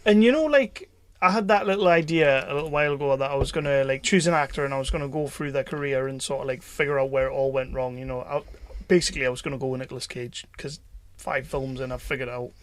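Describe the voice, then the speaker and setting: A man co-hosting a film podcast, talking in an excitable, jokey and rambling way. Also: mid-range voice, fast. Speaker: podcast co-host. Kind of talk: casual film chat.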